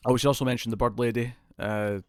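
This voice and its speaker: A man's voice: mid-range voice, steady tone, quick pace, smooth, no echo, studio quality. A man with a British accent chatting casually as co-host of a TV review show, rambling and acting out scenes. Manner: rambling, acts out characters' lines with laughs. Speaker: podcast co-host.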